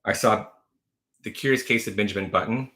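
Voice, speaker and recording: A man chatting on a livestream from home, his lowish voice carrying a bright, forward edge. He rambles through anecdotes, restarting sentences and leaning on fillers. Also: brisk. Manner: chatty rambling storyteller, frequent fillers and self-corrections. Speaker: livestream host. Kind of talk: casual livestream chat.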